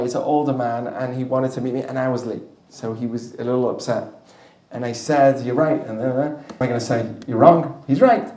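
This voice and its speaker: A male rabbi teaching a class with a live audience, chatty and storytelling, with quick asides to the listeners. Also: medium pitch, dark tone. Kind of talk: lively classroom teaching with anecdotes. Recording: roomy distant mic in a hall.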